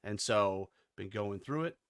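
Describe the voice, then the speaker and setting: A man's voice: lowish voice, lively intonation, a little slow, fairly bright tone, clear, resonant tone. An American man hosting a podcast in casual chat, upbeat and rambling with many restarts. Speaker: podcast host.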